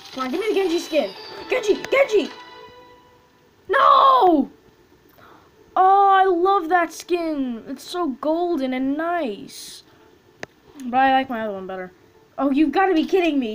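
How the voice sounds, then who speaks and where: Woman gamer host, high bright voice, excitable, chants and squeals, casual commentary, light background hiss. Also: normal speed, low-quality recording. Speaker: gaming video host. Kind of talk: casual loot box opening commentary.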